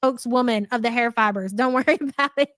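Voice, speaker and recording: A brash woman livestream host reading out viewer donations and mocking her rivals, swearing as she goes. Her voice sits slightly high. The recording is dry and close. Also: fast, fairly bright tone, dry recording. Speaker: streamer reading donation messages. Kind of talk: livestream commentary.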